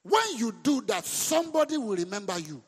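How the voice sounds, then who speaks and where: A man preaching a sermon as a pastor. He speaks with lively emphasis, throws questions at the congregation and breaks into sudden shouts. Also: extremely high pitch, a little fast, breathy edge. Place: church hall. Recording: long reverb of a large hall.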